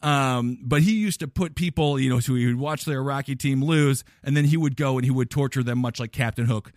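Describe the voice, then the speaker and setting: A man's voice: mid-range voice, brisk, darkish tone, no echo, clean studio sound. A young man from Wisconsin riffing jokily in a casual comedic chat. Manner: riffing, jokey, puts on silly voices.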